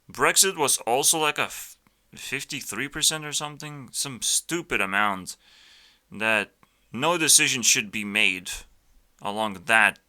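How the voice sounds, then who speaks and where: Slow, profane ranting man. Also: on the low side, sharp tone. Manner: blunt, profane, full of fillers and restarts. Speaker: youtuber reacting to videos. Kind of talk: casual ranting commentary.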